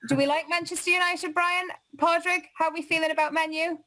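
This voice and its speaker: A woman's voice: very high-pitched, level tone, fairly quick, sharp tone. A woman hosting a live online chat show, reading viewer comments in a chatty, upbeat way over a video call. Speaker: host.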